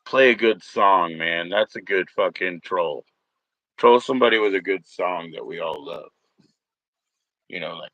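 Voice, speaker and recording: A man's voice: deep voice, unhurried, creaky, no room sound, dull audio. A man hosting a casual livestream from home, rambling, swearing and mocking trolls in chat. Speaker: livestream host.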